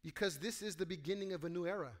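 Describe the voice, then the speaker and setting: A man preaching a sermon to a congregation, animated, acting out quoted voices and asking his listeners questions. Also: high voice, fast talker. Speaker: pastor.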